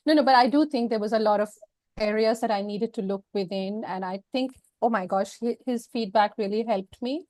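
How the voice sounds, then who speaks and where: A woman speaking as an interview guest, telling a personal story in a frank, emotional, expressive way. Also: on the high side, a little fast, no echo.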